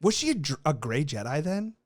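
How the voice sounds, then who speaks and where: Profane, animated young man ranting. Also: fairly high pitch, brisk. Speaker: podcast co-host. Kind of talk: casual chat.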